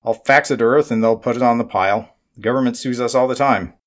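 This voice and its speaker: A man voicing a gruff, dismissive middle-aged male mining executive who talks bluntly. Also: mid-range voice, fast talker, natural voice.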